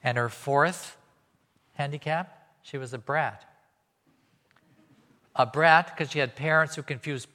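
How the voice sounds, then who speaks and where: A man's voice: medium pitch, normal speed, long pauses, bright, forceful tone. A man preaching a sermon, telling stories and acting out the voices of the people he quotes. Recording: long hall reverb.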